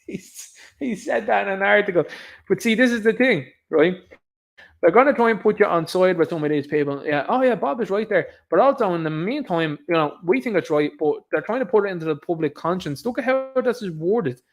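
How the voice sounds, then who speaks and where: A man's voice: sits high, expressive, brisk, vocal fry. Sarcastic Dublin man ranting on stream. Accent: Irish, Dublin. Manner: sarcastic, mocking, laughs often. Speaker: streamer, host. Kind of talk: casual livestream rant commentary.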